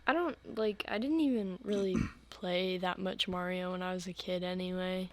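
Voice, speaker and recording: A woman's voice: lowish voice, steady tone, normal speed, a little mellow. A woman co-hosting a podcast, chatting casually, distracted and giggly, often giving short answers. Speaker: podcast co-host. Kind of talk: casual chat.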